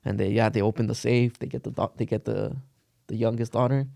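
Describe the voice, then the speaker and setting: A man's voice: on the low side, steady tone, fairly quick, vocal fry, dark tone, no room sound, studio quality. A young man casually telling a long story on a podcast, rambling with lots of "like" and cursing slang. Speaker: podcast co-host.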